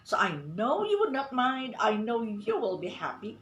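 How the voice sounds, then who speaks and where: A woman giving an online pronunciation lesson, speaking deliberately, repeating words and asking the class questions. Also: fairly high pitch, very animated, a bit bright, slight background noise. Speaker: English teacher. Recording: roomy echo.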